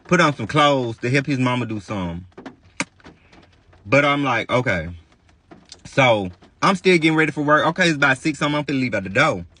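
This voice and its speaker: A man telling a dramatic storytime to viewers, animated and profane, talking straight to his audience. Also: medium pitch, brisk, pauses often. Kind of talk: storytime vlog addressing viewers.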